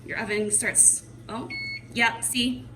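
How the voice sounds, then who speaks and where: A woman chatting casually while she cooks at home, self-deprecating and thinking out loud as she works. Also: on the high side, steady tone, slow pace, background noise. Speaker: homeschooling mom cooking on camera. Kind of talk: casual cooking chat. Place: home kitchen. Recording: distant mic with clattering dishes behind.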